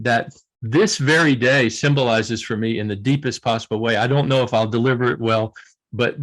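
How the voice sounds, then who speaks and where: A man's voice: medium pitch, rough recording. Earnest male guest, heartfelt and emotional, mid-range voice. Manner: earnest, emotional, repeats key lines. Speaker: guest author. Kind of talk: heartfelt interview answers.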